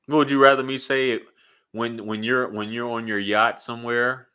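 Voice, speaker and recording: A man's voice: mid-range voice, steady tone, normal speed, pushed and bright, clean tone. A man speaking bluntly and profanely in a casual commentary vlog, rambling with frequent restarts. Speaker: YouTube commentator.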